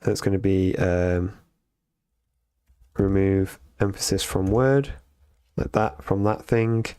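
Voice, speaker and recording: A man on a live stream reading programming lessons aloud and thinking out loud as he codes, with frequent ums and restarts. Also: low voice, slow, smooth, no echo, studio quality. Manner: thinks aloud with many fillers and self-corrections. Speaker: streamer learning to code.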